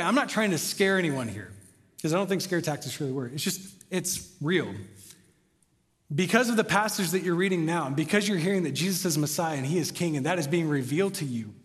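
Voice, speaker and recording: A man's voice: high voice, expressive, fairly quick, fairly bright tone. A young American man preaching a sermon, chatting casually and then rising to passionate emphasis. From United States. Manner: conversational, builds to passionate emphasis. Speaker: pastor. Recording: long hall reverb.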